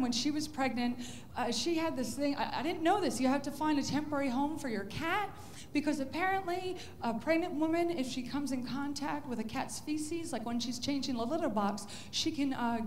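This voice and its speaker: A woman's voice: high voice, a little hiss or hum. A woman stand-up comedian telling pet jokes in a chatty, self-interrupting way, often laughing.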